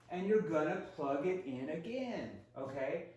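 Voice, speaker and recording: A man's voice: on the high side, lively intonation, unhurried, hardly any pauses, mellow. A man teaching a sales training lesson, acting out short lines between seller and prospect with shifting tone. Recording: very echoey room.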